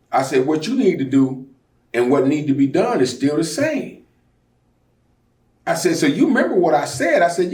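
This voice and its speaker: A man's voice: medium pitch, a little fast. A man who mentors young people, speaking earnestly in a documentary interview and repeating his advice with emphasis. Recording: roomy sound from a distant mic.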